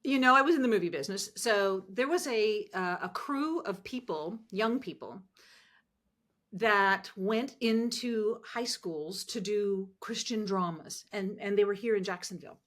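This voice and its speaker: A woman telling animated, emotional stories as a podcast guest, acting out the voices she quotes. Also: mid-range voice, unhurried. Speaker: podcast guest, ministry founder. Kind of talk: conversational storytelling interview.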